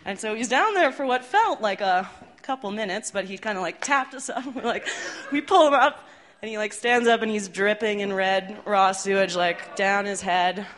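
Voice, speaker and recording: A woman's voice: medium pitch, normal speed, fairly bright tone. A woman telling a tour story live on stage, chatty and laughing, with lots of fillers.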